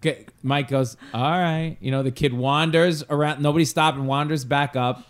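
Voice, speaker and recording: Guy on a comedy podcast telling a story, acts out every character, pretty animated. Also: mid-range voice, normal speed. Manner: animated anecdote-teller who acts out the people in his stories.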